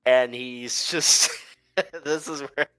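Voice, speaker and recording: A man's voice: medium pitch, drawn-out words, bright, forceful tone, soft background music, low-quality recording. A man co-hosting a casual chat, telling a travel story with lots of fillers and laughter. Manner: rambling, filler-heavy, laughs while telling. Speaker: podcast co-host.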